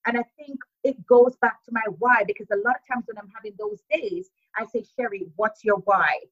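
A woman's voice: a little high, fairly quick. Jamaican-American accented woman, emphatic. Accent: mixed Jamaican and American. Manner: emphatic, repeats key phrases. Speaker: interview guest, entrepreneur. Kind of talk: motivational interview talk. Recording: dull lo-fi audio.

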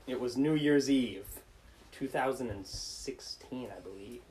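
A man's voice: medium pitch, a little slow, a little mellow, rough recording. A young man tells a comic story in a casual, self-mocking way. His voice sits in an average range, and he often laughs through the telling. A faint background hiss runs under his voice.

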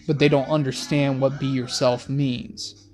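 A young man hosting a rambling late-night monologue in laid-back slang, with soft music playing behind him. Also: mid-range voice, little pitch movement, measured pace. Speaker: host. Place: in a car.

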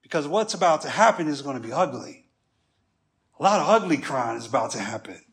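A preacher voicing Joseph, a weeping biblical ruler. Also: male voice, on the high side, sing-song, fairly quick, a bit bright, pitched below the performer's own voice. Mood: urgent. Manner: casual modern slang paraphrase. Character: biblical man Joseph, emotional ruler revealing himself.

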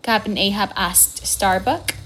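A woman reading a simplified adventure story aloud as the narrator, slowly and evenly, lifting her voice for the quoted lines. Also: medium pitch, slightly rough. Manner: slow, even storytelling read with raised voices for quoted lines. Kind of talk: scripted audiobook narration.

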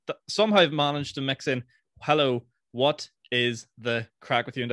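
Quick-talking Northern Irish man. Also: medium pitch, a bit bright, dry recording, clean studio sound. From Northern Ireland. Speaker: host. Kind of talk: casual conversation.

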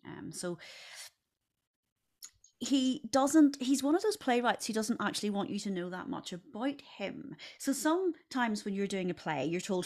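A woman's voice: mid-range voice, very animated, unhurried. Articulate female podcast guest with theatrical emphasis. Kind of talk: casual podcast discussion.

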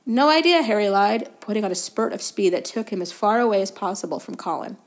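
Brief: woman guest reader, calm steady book narration, occasional stumbles corrected. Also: medium pitch, fast. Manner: steady storytelling, fillers of self-correction. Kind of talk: reading a novel aloud.

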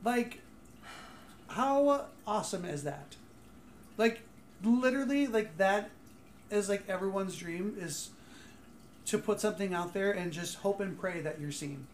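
A woman's voice: medium pitch, unhurried, pauses often. A woman co-hosting a podcast in casual chat, talking hesitantly with many restarts. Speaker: podcast co-host. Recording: echoey room with faint noise.

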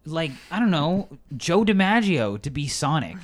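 A man co-hosting a casual movie podcast, getting animated and incredulous and swearing in outrage as he reacts to the news. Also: on the high side, moderate pace. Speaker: podcast co-host.

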